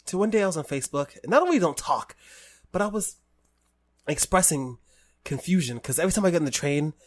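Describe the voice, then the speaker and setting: A man's voice: a little high, expressive, a little fast. A man hosting a podcast in casual chat, American, telling long stories and breaking into laughter often. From United States. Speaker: podcast host.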